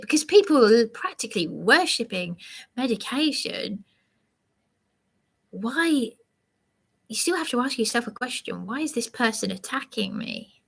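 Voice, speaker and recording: A woman rambling through a live monologue, preaching and sounding aggrieved as she answers a commenter in a slow, halting way. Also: fairly high pitch, animated, vocal fry, slightly rough.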